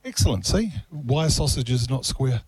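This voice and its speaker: A man's voice: medium pitch, lively intonation, normal speed, a little mellow, slightly rough, dry recording. A man with a New Zealand accent hosting a live outside radio broadcast, chatty and joking, laughing often.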